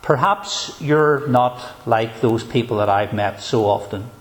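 Man, pastor's sermon, emphatic, measured pauses, mid-pitched voice.

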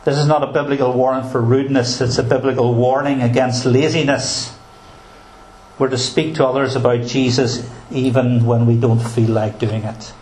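A man's voice: mid-range voice, little pitch movement, normal speed, darkish tone. Earnest preacher man, echoey room. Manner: earnest, emphatic, with dry humor. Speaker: pastor. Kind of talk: sermon. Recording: roomy echo.

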